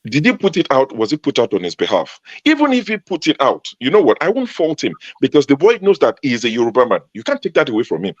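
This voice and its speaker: A man's voice: medium pitch, wildly swooping pitch, fast talker, few pauses, dry recording. A man from Ogun State in Nigeria, a panel guest arguing emphatically in a heated debate and repeating his points for force. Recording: dull lo-fi sound.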